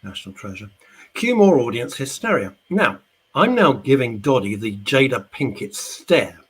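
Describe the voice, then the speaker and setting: A radio host delivers a heated monologue, addressing his listeners directly. His voice is husky and raspy. His pitch leaps up and down with lively, expressive swings. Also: normal speed, rough recording. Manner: indignant, ranting. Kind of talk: radio talk show monologue.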